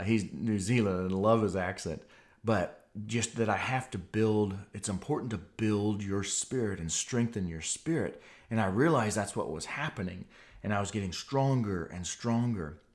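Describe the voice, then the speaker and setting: Earnest low-voiced man telling a story. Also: moderate pace. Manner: earnest, animated retelling. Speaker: podcast host. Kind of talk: personal testimony storytelling.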